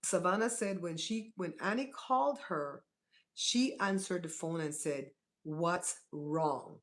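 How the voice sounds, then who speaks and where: A woman's voice: fairly low pitch, expressive, a little slow. A woman hosting a casual live stream, chatting to her viewers and often checking in with "right?". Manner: chatty, talks straight to her chat with many "right?" asides.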